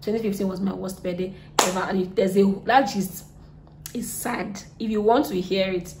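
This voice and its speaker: A woman's voice: mid-range voice, fairly even intonation, moderate pace. Young nigerian girl vlogging a storytime, chatty, keeps repeating herself, faint hum behind. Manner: chatty, repeats herself, drifts soft and subdued. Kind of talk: storytime vlog.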